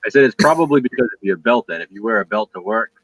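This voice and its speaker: A man with a low, husky voice speaks in halting phrases during casual chat. His pitch moves around a lot despite the low register. The sound is dry and close. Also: animated, a bit bright, no echo, poor audio.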